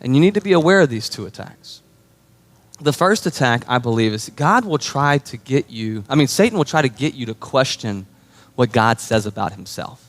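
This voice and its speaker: Speaking at normal speed in an expressive, mid-range voice, a man preaching as pastor weaves conversational stories into his sermon. He frequently checks in with the audience.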